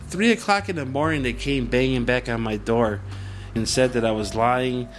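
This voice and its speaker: A man in a mid-range voice tells his side of the story in plain, blunt words and swears freely. He speaks with emphasis, and faint music runs quietly under the interview. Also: medium pitch, moderate pace. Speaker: interviewee, former witness. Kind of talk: recorded interview.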